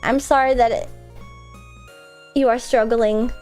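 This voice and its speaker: Congested woman streaming, kinda high voice, rambles w lots of like and laughs. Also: steady tone, measured pace, darkish tone, smooth, faint music behind. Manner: rambling, filler-heavy, frequent laughs. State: congested, stuffy nose. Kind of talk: casual stream chat.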